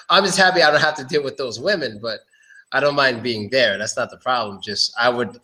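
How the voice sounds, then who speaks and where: A man teaching English pronunciation in a casual live online lesson. He talks in a loose, chatty way, repeats words and often clears his throat. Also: mid-range voice, moderate pace, sharp tone, rough recording.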